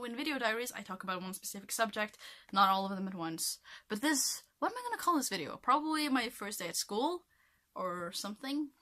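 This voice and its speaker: A woman's voice: mid-range voice, sharp tone. A young woman from Norway chatting to camera in a rambling vlog, full of fillers like "like" and "um". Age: young adult. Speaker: vlogger. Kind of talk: casual chat to camera.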